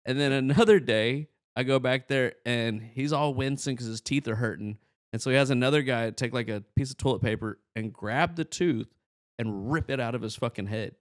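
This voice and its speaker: Young comedian guy telling stories, lively, acts out everybody's lines, dry-sounding mic. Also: mid-range voice, normal speed, dry recording. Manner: animated, acts out other people's lines in the story. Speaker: guest comedian. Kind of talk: casual podcast storytelling.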